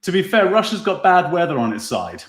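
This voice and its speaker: A man's voice: high voice, sing-song, fairly quick, echoey room, over a noisy crowd. A man hosting a casual online show, musing over viewer comments in an easygoing way and chuckling often. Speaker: podcast host.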